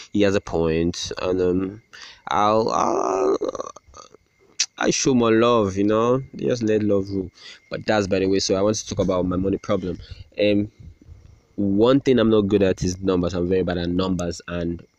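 A young man talks into a close mic in a dry, dead-sounding room, his voice sitting very low. He rambles through his day on a solo podcast, sarcastic and quick to poke fun at himself. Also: animated, a little mellow, no room sound, highs cut off. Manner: rambling, sarcastic, self-deprecating, with many restarts. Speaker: podcast host. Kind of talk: casual solo podcast rant.

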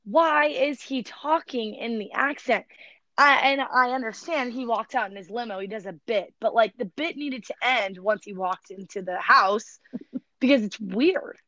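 A young woman in her twenties, a podcast guest chatting in an animated, blunt, cringing way. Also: fairly high pitch, unhurried, dry recording. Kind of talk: casual chat. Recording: dry, dull lo-fi sound.

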